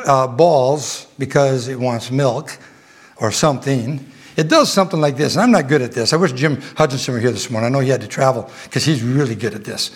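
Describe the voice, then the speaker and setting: A middle-aged man preaching a sermon, halting with restarts and fillers, then swelling with fervent emphasis. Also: a little high, a bit bright.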